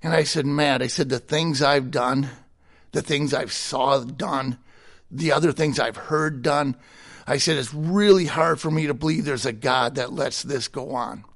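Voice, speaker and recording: A man's voice: mid-range voice, unhurried, fairly bright tone. A middle-aged man giving a personal testimony in conversation, candid and plainspoken, with a chuckle between stories. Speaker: guest sharing his testimony.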